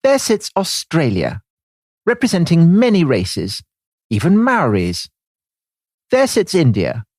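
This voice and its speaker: A man's voice: on the high side, huge pitch swings, slow, pauses often, darkish tone, no echo, clean studio sound, pitched above the performer's own voice, heavily acted. A man reading aloud as a prim woman secretary keeping a diary, in a lofty, sweeping way. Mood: grand.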